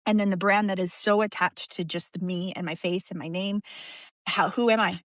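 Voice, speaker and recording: A woman talks openly as a guest on a podcast. She is emotional and frank, circling back and restarting her thoughts with small laughs. Her voice sits at an ordinary pitch in a dry, close recording. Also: steady tone, moderate pace, no echo. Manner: open and emotional, rambling with restarts and soft laughs. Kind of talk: candid conversational interview.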